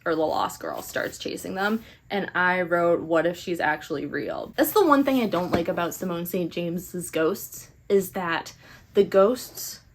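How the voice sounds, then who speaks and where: A young woman chatting casually through a book review, animated and sarcastic. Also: on the low side, a little slow, a little hiss or hum. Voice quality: animated, sarcastic, eye-rolling. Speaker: book vlogger.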